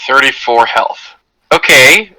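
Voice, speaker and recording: A man's voice: medium pitch, expressive, slow pace, sharp tone, no echo, rough recording. A man narrating a tabletop game as game master, in a loose, rambling way with many fillers.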